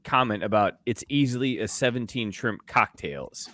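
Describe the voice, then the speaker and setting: A man's voice: fairly low pitch, lively intonation, moderate pace, fairly bright tone. A young man co-hosting a casual beer podcast, rambling through crude jokes and stories. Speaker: podcast co-host.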